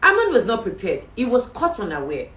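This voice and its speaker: A woman gives a faith-based motivational talk, her pitch rising and falling a great deal. She tells the story animatedly and acts out the voices. The recording sounds roomy, with the mic set some distance away. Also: huge pitch swings, a little fast, fairly bright tone. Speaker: podcast host.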